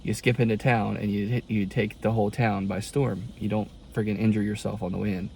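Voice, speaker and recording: A young man talks straight to the camera in a casual confession vlog, rambling and exasperated, with folksy turns of phrase. His voice is gravelly with plenty of fry, and a faint ambient hiss sits behind it. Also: lowish voice, level tone, fairly quick, a little mellow. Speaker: college student vlogger.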